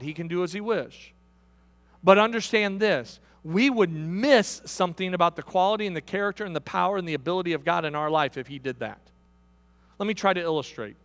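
Pastor guy preaching, voice sits high, tells stories then climbs loud and high. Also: big-room sound. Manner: storytelling with direct appeals to listeners. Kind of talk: sermon.

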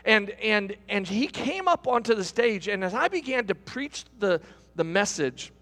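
A middle-aged male pastor delivers a sermon in a strikingly high voice. His pitch leaps around as he tells the story, restarting phrases as he builds. The sound rings out with the long reverb of a large hall. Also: a little slow. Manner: animated storytelling, repeating words as he goes.

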